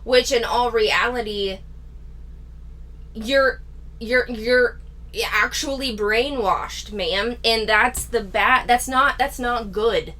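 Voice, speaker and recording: Lady doing a reaction video, talks slow, bright voice, blunt and sarcastic. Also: on the high side. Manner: candid, critical and sarcastic. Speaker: commentary channel host. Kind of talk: reaction commentary.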